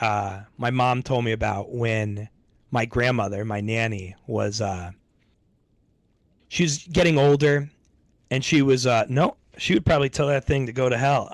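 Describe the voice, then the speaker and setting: A man's voice: medium pitch, dry recording. A man streaming to his audience in rambling, laid-back casual chat, swearing freely.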